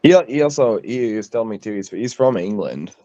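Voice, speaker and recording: Low-voiced chatty man, lo-fi mic. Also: expressive, brisk, warm tone, dry recording. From Minnesota, USA. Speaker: host. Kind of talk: casual livestream chat.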